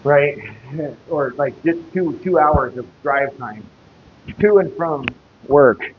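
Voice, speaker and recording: A man tells a rambling, profanity-laced story on a live stream, his voice sitting a touch high. The sound is dull and lo-fi, carrying a long hall reverb and steady background noise. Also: slow pace. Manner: profane, rambling, laughs while telling stories. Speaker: fitness streamer. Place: gym, echoey room.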